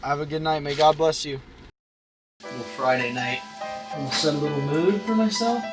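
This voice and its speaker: A man's voice: a little high, normal speed, over music. A man reviewing food from his car at a drive-thru, rambling in a self-mocking, jokey way. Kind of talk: comedic vlog monologue.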